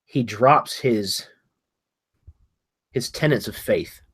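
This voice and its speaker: A man playing a tabletop game, narrating his character's actions in a halting way, often repeating words as he searches for them. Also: mid-range voice, a bit bright, slightly rough. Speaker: player.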